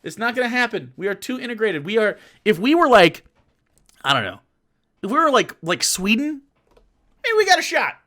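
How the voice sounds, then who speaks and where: High, lively ranting male streamer. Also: normal speed. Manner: sarcastic, ranting, swearing often. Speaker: streamer reacting to a video. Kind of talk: casual reaction commentary.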